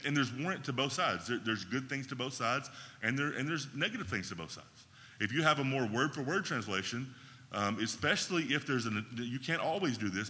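Bright-voiced man teaching in a hall. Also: mid-range voice. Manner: conversational, often checks in with "right?". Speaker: Bible teacher. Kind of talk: classroom teaching talk.

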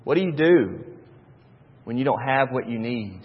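A man's voice: medium pitch, expressive, normal speed, slightly rough. A man, preaching a sermon as pastor with emphatic repetition and homely asides. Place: church sanctuary. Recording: dull reverberant hall.

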